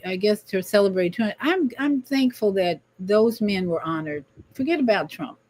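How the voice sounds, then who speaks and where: A woman's voice: on the high side, big pitch swings, normal speed, hardly any pauses. Preachy woman hosting a livestream talk. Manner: preachy, emphatic, repeats words. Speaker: livestream host. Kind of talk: spiritual talk show monologue.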